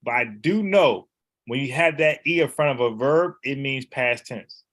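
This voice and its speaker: A man's voice: medium pitch, animated, normal speed, fairly bright tone. A man teaching in a casual, conversational way, repeating words and explaining letters one by one. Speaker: Bible teacher.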